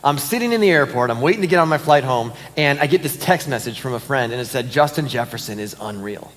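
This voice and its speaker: A man's voice: medium pitch, fast, big-room sound. A man, a pastor giving casual announcements and stories in a church service. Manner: casual, animated storyteller with fillers and laughs. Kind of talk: sermon announcements and storytelling. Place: church auditorium.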